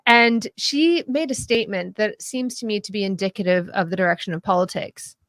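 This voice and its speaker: A woman talking casually about politics as a podcast guest, animated and laughing often, with frequent restarts. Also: mid-range voice, brisk, no echo, studio quality.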